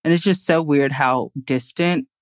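A young woman chatting as a podcast guest, blunt and quick to laugh. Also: deep voice, dry recording, clean studio sound. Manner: blunt, laughing, emphatic agreement. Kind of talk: casual chat.

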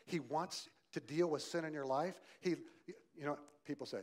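A male pastor preaching a sermon, swinging from loud emphasis to quiet softness and asking the congregation direct questions. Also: on the high side, moderate pace.

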